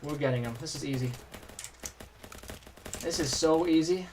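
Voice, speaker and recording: A man's voice: on the high side, moderate pace, noisy background. A man streaming a video game, chatting and joking casually as he plays and answers chat. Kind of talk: casual gameplay commentary.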